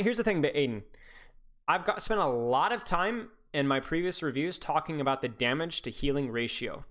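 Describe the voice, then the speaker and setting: A man coaching a player through a gameplay review on a live stream, talking fast and rambling, teasing now and then, with many restarts. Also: a little high, expressive, fairly bright tone.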